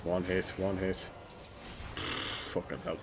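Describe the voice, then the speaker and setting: A man's voice: sits low, level tone, takes it slowly. A man streaming a game live, talking to himself and swearing in frustration, with game music behind him. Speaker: gaming streamer. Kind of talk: live gameplay commentary.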